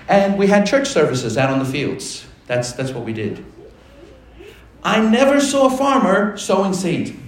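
A man preaching a sermon as pastor, animated and putting questions to the congregation. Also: fairly high pitch. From Australia. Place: church. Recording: echoey church hall with faint ambience.

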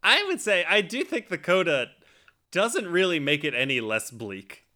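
A man co-hosting a movie podcast, chatty and quick to laugh, quizzing his co-host about trivia. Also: sits high, big pitch swings, sharp tone. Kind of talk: casual chat about films.

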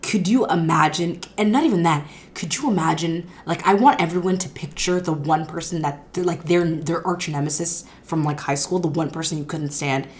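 A woman co-hosting a podcast, chatting excitedly about a TV show and rambling with lots of restarts. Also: low voice, normal speed, hardly any pauses. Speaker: podcast co-host. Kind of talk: casual chat about a TV show.

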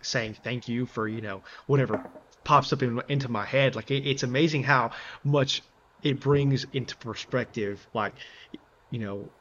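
A man co-hosting a faith podcast speaks earnestly at a mid pitch, leaning on you know and like. The sound is slightly dull and lo-fi. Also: moderate pace, a bit bright, slight background noise. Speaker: podcast co-host. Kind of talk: casual faith discussion.

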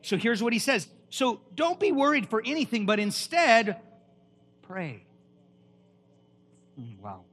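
A man preaching a lively sermon at a church, emphatic and quizzing the congregation with questions. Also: extremely high pitch, takes it slowly, long pauses, breathy edge. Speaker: pastor.

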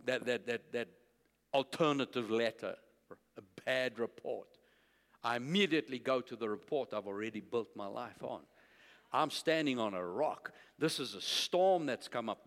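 A man preaching a sermon, telling stories and building to loud declarations of faith. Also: medium pitch, in a large hall.

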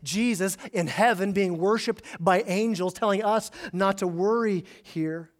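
High-voiced man preaching a sermon. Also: unhurried. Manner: conversational, repeats words when emphasizing. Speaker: pastor.

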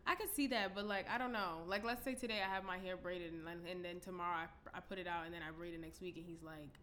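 A woman's voice: on the low side, steady tone, fast talker, pushed and bright, a little hiss or hum. A woman in casual chat, telling stories with lots of "like" and acting out what other people said. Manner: chatty storyteller, lots of "like", acts out other people's words.

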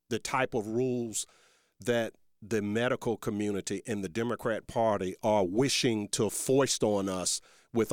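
A man's voice: medium pitch, smooth, no echo, studio quality. A man hosting a talk radio show, folksy and rambling, calling his listeners folks and growing emphatic and heated as he argues.

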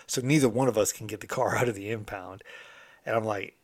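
Low-voiced man telling a streetwise story. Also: fairly quick, no echo. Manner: candid, streetwise, swears freely. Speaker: motivational host telling his past. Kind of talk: casual storytelling monologue.

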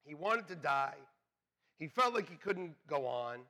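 A male pastor with a high, bright voice delivers a sermon over a church microphone. He talks like he is chatting with the congregation and slips in jokes and asides. His level swings from near whispers up to shouts. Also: big pitch swings, unhurried. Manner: conversational, joking asides, drops to near whispers then builds to shouts.

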